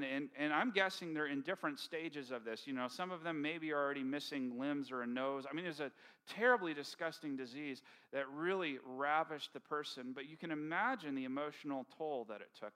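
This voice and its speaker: A man preaching a sermon to his congregation in an animated, conversational storytelling manner, acting out quotes along the way. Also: on the high side. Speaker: pastor. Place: church sanctuary with congregation.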